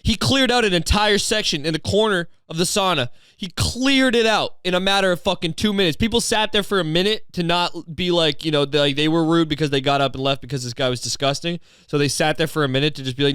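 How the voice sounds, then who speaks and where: A comedian and podcast host, a man with a fairly high, smooth and resonant voice, rambling through a profane, deadpan comic monologue. He wanders off on tangents and swears often. The recording is dry and close, with no room sound. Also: brisk, hardly any pauses, no echo. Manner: profane, digressive, deadpan storytelling.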